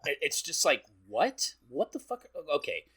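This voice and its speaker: A man co-hosting a podcast walks through a film scene by scene, his bright voice swinging up and down as he acts out the characters. He talks casually and swears freely. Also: a little high, unhurried, husky. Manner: animated, swearing, acting out characters' lines. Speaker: podcast co-host. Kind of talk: casual chat recapping a film.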